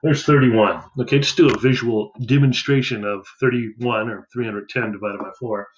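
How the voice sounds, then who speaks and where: A man's voice: medium pitch, steady tone, moderate pace, echoey room, dull audio, a little hiss or hum. A man teaching a math lesson, talking casually and thinking aloud as he counts through a division problem. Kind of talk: worked-example math lesson.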